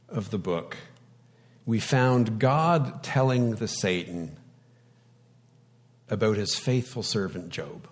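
Man, preacher, unhurried sermon delivery, dramatic pauses, light humor, swings from soft to loud. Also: lowish voice, in a large hall.

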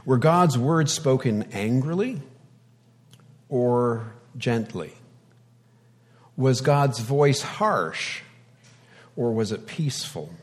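A man preaching a sermon in a conversational way, with light humor, dramatic pauses and wide swings in loudness. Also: medium pitch, lively intonation, big-room sound.

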